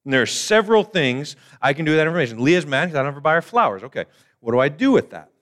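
A man's voice: on the high side, very animated, very fast, fairly bright tone. A man preaching a conversational sermon to his church, explaining plainly and poking fun at his own jokes. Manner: casual, self-deprecating joking preacher. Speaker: pastor. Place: church service.

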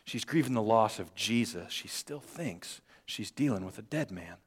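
A man preaching a sermon, shifting between quiet and loud passages and joking with the congregation. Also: on the low side, expressive, normal speed, slightly rough. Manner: dynamic, swings from quiet to loud. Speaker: pastor.

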